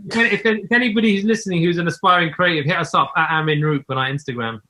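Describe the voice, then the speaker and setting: A man in his forties, a guest in casual chat, speaking in a reflective, relaxed way. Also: a little high, very fast. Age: 40s. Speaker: podcast guest.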